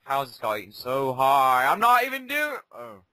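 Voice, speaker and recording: A young man commenting on his own gameplay, muttering asides and breaking into sudden ranting shouts. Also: mid-range voice, huge pitch swings, normal speed, no echo, rough recording. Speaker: gaming commentator. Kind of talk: casual game commentary.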